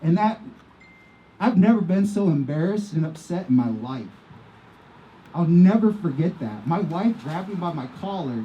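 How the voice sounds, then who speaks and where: A man's voice: high voice, very animated, normal speed, dark tone, a little hiss or hum, low-quality recording. A man from Iowa giving an earnest personal testimony as a speaker at an outdoor vigil, repeating himself as his feelings rise. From Iowa, USA. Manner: earnest, impassioned storytelling with repetitions.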